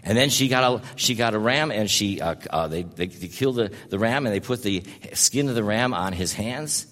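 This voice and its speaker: A man's voice: lowish voice, expressive, moderate pace, a bit bright, long reverb tail. A man preaching a sermon as a pastor, telling a story in a folksy way and speaking to people in the congregation by name.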